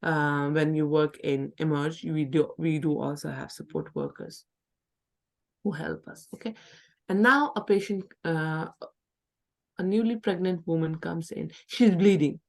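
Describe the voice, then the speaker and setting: Woman lecturer, middle-aged, a little low voice, acts out patient lines. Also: expressive, measured pace. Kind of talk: classroom lecture.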